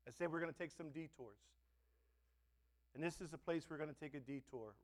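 A male pastor preaching a sermon, swinging between loud emphatic words and soft, quiet asides. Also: a little high, a little fast. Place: church.

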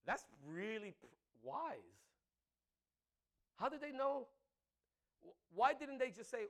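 A man preaching a sermon, swinging from loud exclamations to quiet asides and asking the congregation "right?". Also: extremely high pitch, sing-song, slow pace, long pauses.

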